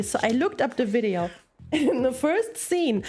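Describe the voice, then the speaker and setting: A woman's voice: high voice, slow pace, pauses often, darkish tone, soft background music. A young woman streaming while she crafts, chatting casually in a rambling way, giggling often and telling puns.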